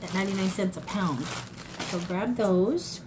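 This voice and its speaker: A woman's voice: medium pitch, a little slow, background noise. Chatty fifty-something woman vlogger. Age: 50s. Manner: chatty, folksy, addresses viewers as y'all. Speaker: thrift haul vlogger. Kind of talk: casual haul chat to camera.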